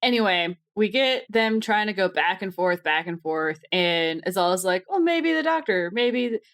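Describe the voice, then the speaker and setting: A woman's voice: medium pitch, animated, normal speed, fairly bright tone. A woman co-hosting a podcast in casual chat, blunt and often laughing. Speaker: podcast co-host.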